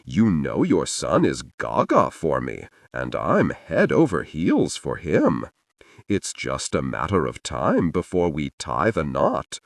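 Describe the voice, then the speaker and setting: A gushing, tipsy young man, voiced by a male audiobook narrator, all giddy feels and near tears. His low voice swoops all over as he drags the words out. Dry, close studio sound. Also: huge pitch swings, takes it slowly, gravelly, no echo, far from the mic, heavily acted. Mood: cheerful. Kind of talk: audiobook character voice.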